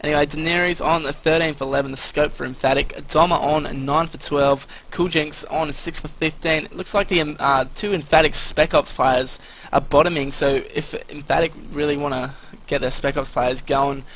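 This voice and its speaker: Male analyst caster, slightly high voice, chatty stat breakdowns full of fillers. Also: fairly even intonation, moderate pace, fairly bright tone, a little hiss or hum, rough recording. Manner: analytic, laced with "uh" and "anyway" fillers. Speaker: esports commentator. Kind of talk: live color commentary and stat rundown.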